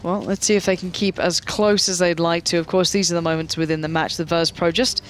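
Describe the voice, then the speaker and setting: A man doing play-by-play commentary on an esports match, lively and quick to joke with his co-hosts. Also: fairly high pitch, a little hiss or hum. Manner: lively, jokey banter. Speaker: esports caster.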